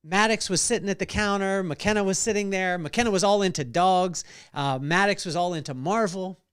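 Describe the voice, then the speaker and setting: A middle-aged man hosting a devotional podcast, telling a personal story with animated delivery and acted-out voices. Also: high voice, moderate pace, clean tone. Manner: animated, acts out voices in stories. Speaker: podcast host.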